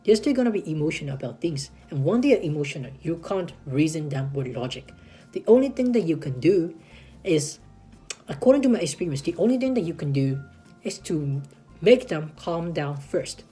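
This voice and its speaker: Husky, mellow-voiced woman giving earnest advice. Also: low-pitched, very animated, moderate pace, faint music behind. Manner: earnest, repeats "right?" and "guys", restarts sentences. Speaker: advice vlogger. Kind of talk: casual advice vlog.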